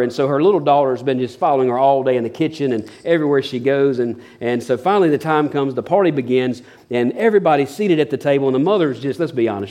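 A man's voice: medium pitch, a little mellow. A middle-aged man preaching a sermon as pastor, earnest, often repeating words as he restarts.

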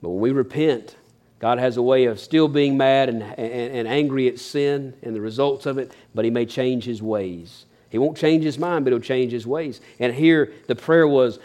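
A man's voice: mid-range voice, fairly even intonation, fairly quick, darkish tone. A man preaching a sermon as a pastor, folksy and earnest, building emphasis as he goes.

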